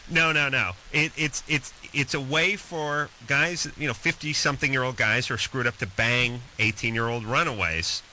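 A man's voice: medium pitch, normal speed, hardly any pauses, sharp tone, a little hiss or hum, poor audio. A man hosting a talk radio show, telling stories in a crude, joking way. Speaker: radio host. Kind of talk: casual talk radio chat.

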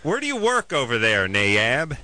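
A man hosting a call-in radio show, bantering and joking in an animated way. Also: mid-range voice, normal speed, no room sound. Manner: animated, joking, loud bursts of mock outrage.

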